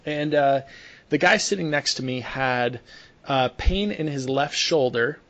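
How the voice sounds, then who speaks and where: A man's voice: medium pitch, a little slow, a bit bright. A young man, a sports medicine clinician, chatting casually and telling a story with lots of restarts and fillers. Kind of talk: casual podcast conversation.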